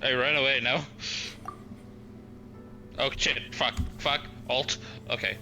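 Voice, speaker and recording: A man's voice: mid-range voice, steady tone, slow pace, gravelly, sharp tone, faint music behind, low-quality recording. A man chatting and joking with a friend while gaming. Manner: joking, teasing. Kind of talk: casual chat while gaming.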